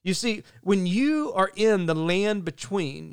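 A man preaching a sermon as pastor, earnest and measured, slowing down to stress key phrases. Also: high-pitched, lively intonation, vocal fry, clean tone, no room sound, studio quality.

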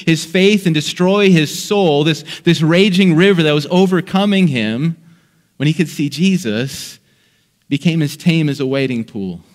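A man pastor preaching a sermon, telling a story dramatically, dropping to a hush and then raising his voice. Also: fairly high pitch, in a large hall. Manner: dramatic storytelling that swings between hushed and raised lines.

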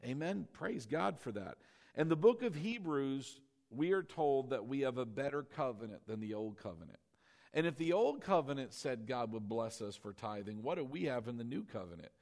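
A male pastor preaching a sermon, drawing call-and-response from the congregation, asking rhetorical questions and slowing down for emphasis. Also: mid-range voice, very animated, creaky, darkish tone.

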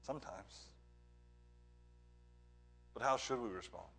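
A man preaching a sermon as pastor, earnest, moving between emphatic points and hushed, quiet lines. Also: on the low side, slow pace, vocal fry, breathy edge, faint music behind.

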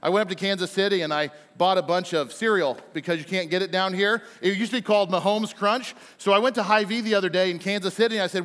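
A man's voice: high-pitched, fairly bright tone. A male pastor giving a casual, joking sermon to his congregation, chatty and playful with plenty of fillers. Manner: chatty and playful, with frequent fillers and quick jokes. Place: large church sanctuary. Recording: long hall reverb from a large church.

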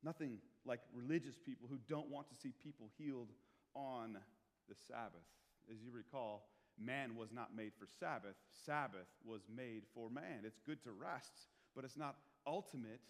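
A man preaching a sermon as pastor, talking in a conversational way, asking the congregation questions and swinging between quiet asides and loud emphasis. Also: medium pitch, normal speed. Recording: long hall reverb.

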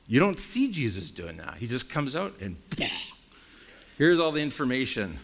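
A male pastor delivering a sermon with a lively, animated voice that rises and drops sharply for emphasis. He speaks frankly and bluntly, pressing his points home to the congregation. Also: moderate pace, gravelly. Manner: emphatic preaching with wide swings in pitch and loudness.

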